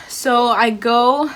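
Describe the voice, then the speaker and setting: A woman's voice: on the high side, a bit bright. A young woman telling a storytime with lots of slang and fillers, acting out the dialogue. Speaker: vlogger. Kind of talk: casual storytime.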